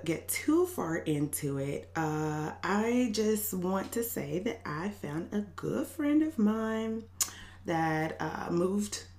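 A woman's voice: fairly low pitch, gravelly, a little mellow, reverberant. A young adult woman hosting a podcast in a casual, sassy venting monologue, laughing often and cussing freely. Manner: sassy, laughing, profane asides. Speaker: podcast host.

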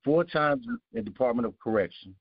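A man's voice: mid-range voice, animated, fairly quick. A man, giving earnest testimony with a preaching cadence, repeating his key phrases. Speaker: guest. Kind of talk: emotional testimony. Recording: dull lo-fi sound.

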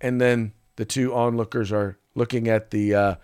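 A man's voice: fairly low pitch, moderate pace, clean tone. A man co-hosting a casual political podcast, reading out sponsor spots and describing memes with acted-out quotes. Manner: animated, acts out quoted voices. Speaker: podcast co-host.

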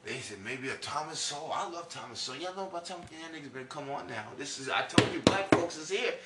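Loud rambling man, echoey room. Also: expressive, fast talker, distant mic, heavy background noise. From New York. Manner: loud, preachy, swings high and low. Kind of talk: rambling comic monologue.

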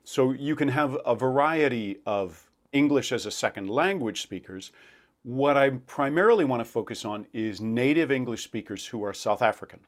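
A man's voice: mid-range voice, animated, moderate pace. A man working as a dialect coach for actors, explaining pronunciation and demonstrating sounds as he talks. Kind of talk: instructional talk to camera.

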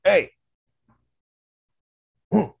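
A man's voice: drawn-out words, no room sound, highs cut off. A man voicing a confused, primitive ape man who grunts out broken, short questions. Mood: puzzled.

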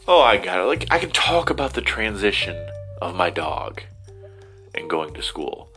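A man's voice: low-pitched, very animated, normal speed, sharp tone, soft background music. A middle-aged man from Ohio rambling in a casual, self-deprecating monologue, slipping into silly voices as he talks. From Ohio, USA. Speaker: vlogger.

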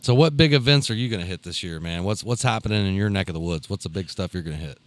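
A man's voice: sits low, animated, fast talker, no echo. A man hosting a casual podcast chat, teasing his co-host and asking the guest questions.

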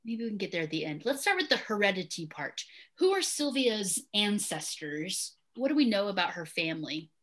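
A woman's voice: medium pitch, big pitch swings, moderate pace, few pauses, a bit bright. A woman teaching a literature class, leading a chatty discussion with students and laughing often.

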